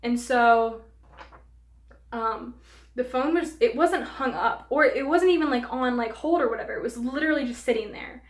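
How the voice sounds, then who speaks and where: A young woman recounts a work story in an animated vlog style and peppers it with fillers. Her voice sits a touch high, and the room around her is echoey. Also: moderate pace. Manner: animated, filler-heavy retelling. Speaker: vlogger. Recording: roomy room echo.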